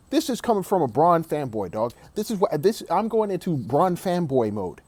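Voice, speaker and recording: A man's voice: high-pitched, very animated, fast talker, hardly any pauses, a little mellow. A man giving an emphatic, opinionated sports rant, repeating himself and saying "dog" often. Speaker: sports commentator.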